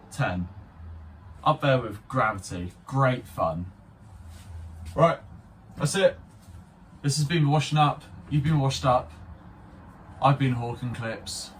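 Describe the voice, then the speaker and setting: A man's voice: mid-range voice, recorded from a distance, a little hiss or hum. Rambling, sweary young man. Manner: rambling, sweary, self-mocking. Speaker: vlogger reviewing a spinning top toy. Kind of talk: unscripted casual review.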